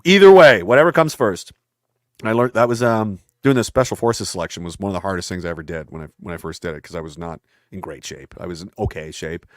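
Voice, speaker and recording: A man's voice: sits low, fairly even intonation, quick pace, no echo, studio quality. A man talking in a casual conversation, intense and rambling, often acting out voices from his stories. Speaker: podcast guest.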